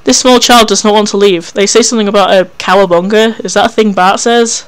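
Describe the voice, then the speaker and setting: A reader voicing Cecily, an anxious young protagonist in disguise who speaks in a flustered, hushed way. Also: medium pitch, fairly even intonation, a little fast, smooth, lightly acted.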